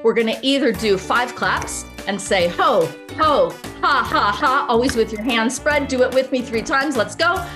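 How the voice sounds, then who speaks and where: A woman's voice: fairly high pitch, moderate pace, few pauses, music in the background. A woman leading a group laughter session, coaching in an upbeat way and often laughing as she talks.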